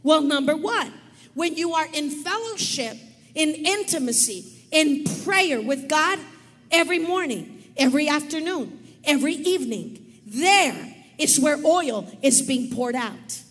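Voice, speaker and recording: A woman preacher giving an emphatic sermon, repeating key words and calling on her listeners to shout them back. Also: sits high, expressive, a little slow, big-room sound.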